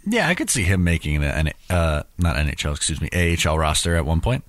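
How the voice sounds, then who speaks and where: A man's voice: low-pitched, huge pitch swings, quick pace, dry recording, studio quality. A man co-hosting a casual sports podcast, easygoing and agreeable. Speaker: podcast co-host.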